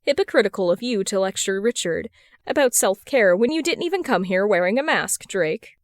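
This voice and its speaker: A woman's voice: medium pitch, animated, a little fast, dry recording, natural voice. A woman voicing a prim, formal little boy. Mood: firm. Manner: formal, firm, clipped.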